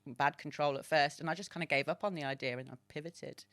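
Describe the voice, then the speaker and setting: A woman's voice: sits low, fairly even intonation, fast, a bit bright, no room sound. A woman hosting a podcast in casual chat, engaged and reflective. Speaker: podcast host.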